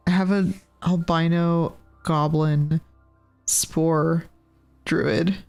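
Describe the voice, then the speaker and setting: A woman's voice: deep voice, steady tone, drawn-out words, creaky, a little mellow, clean tone, soft background music. A woman chatting casually on a live stream as she paints, thinking aloud and rambling with lots of filler words. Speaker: artist and cast member drawing on a live stream.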